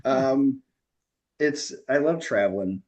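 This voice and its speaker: Male stand-up comic, middle pitch, chatty storyteller who laughs at his own punchlines. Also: lively intonation, slow pace, a little mellow, highs cut off. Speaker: stand-up comedian. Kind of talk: stand-up storytelling on a video call.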